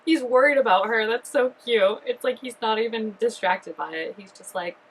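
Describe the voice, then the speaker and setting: A woman chatting excitedly through a reaction video, full of fillers and giggly asides. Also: fairly high pitch, normal speed, slight background noise, low-quality recording. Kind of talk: casual reaction commentary.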